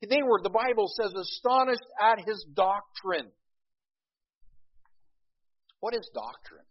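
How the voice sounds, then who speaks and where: A middle-aged pastor preaching a sermon in a folksy, storytelling way, with many restarts and emphatic peaks. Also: male voice, high voice, slow, slightly rough. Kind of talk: sermon with a humorous opening story. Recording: dull lo-fi recording.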